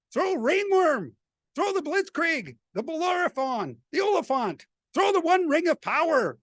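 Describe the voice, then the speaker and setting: A man performs his poem at a library reception, his voice swinging widely in pitch as the chanted lines mount toward shouts. Between poems he talks haltingly, leaning on fillers. The sound is dry and close. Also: no echo. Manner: hesitant chat, then chanted poem building to shouts. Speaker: contributor reading his poem. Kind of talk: performed poetry reading. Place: university library gallery reception.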